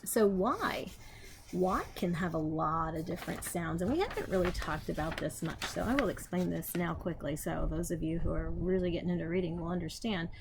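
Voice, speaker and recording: A woman teacher slowly sounding out letters and reading aloud to young children outdoors. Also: on the low side, noisy background. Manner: slow, patient, sounding out letters. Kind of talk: phonics lesson and read-aloud for young children.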